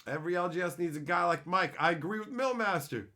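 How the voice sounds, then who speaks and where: A male streamer talking casually to his chat, his voice leaping high and loud when he reads messages, then dropping low and quiet for stories. He swears freely and keeps an easy, rambling tone. His pitch is lively and very animated throughout. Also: a little fast, hardly any pauses. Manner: animated, swings between loud excited reading of chat and low reflective storytelling.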